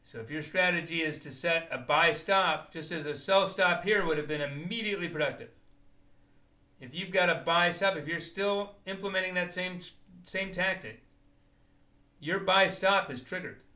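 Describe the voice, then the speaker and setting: A man walks through live trading signals with a methodical, thinking-aloud delivery. His voice sits a bit high and sounds bright and clear. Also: normal speed. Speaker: trading educator. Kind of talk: live market commentary.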